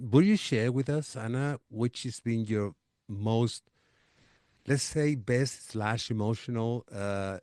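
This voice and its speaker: A man's voice: lowish voice, darkish tone, dry recording. Guy hosting a podcast, friendly, bit hesitant, super dry close sound. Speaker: podcast host. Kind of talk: conversational interview.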